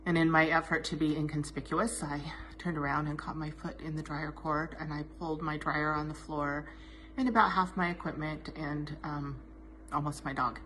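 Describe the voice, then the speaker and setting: A dog groomer telling a heartfelt, self-deprecating anecdote in a personal tribute message. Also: female voice, sits low, fairly even intonation, moderate pace, fairly bright tone, a little hiss or hum.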